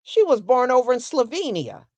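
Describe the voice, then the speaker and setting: A woman hosting a casual solo livestream, talking in an unhurried, conversational way and answering viewers with "mm-hmm" and "yeah". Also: sits high, big pitch swings, a little mellow, no room sound. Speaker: host.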